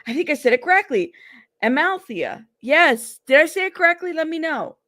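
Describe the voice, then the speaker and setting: A woman's voice: high voice, animated, fast, pushed and bright, no room sound. A woman hosting a casual livestream, chatty and greeting viewers one by one by name, whose first language is Spanish. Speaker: livestream host.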